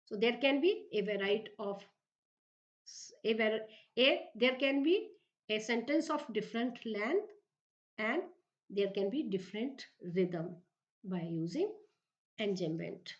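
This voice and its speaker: A woman with an Indian English accent giving a slow, repetitive English literature lecture as a professor, often asking if the class is clear. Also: on the high side, expressive. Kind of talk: recorded lecture. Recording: dull lo-fi recording.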